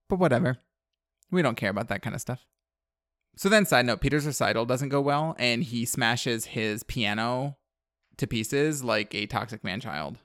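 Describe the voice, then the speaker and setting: A man in an easygoing podcast chat, talking through a film's plot in a loose, rambling way full of "like"s and dry side comments. His voice sits at an ordinary pitch and sounds close and dry, with no room around it. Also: fairly bright tone, no echo. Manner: rambling, filler-heavy, wry asides. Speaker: podcast co-host. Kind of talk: casual movie recap chat.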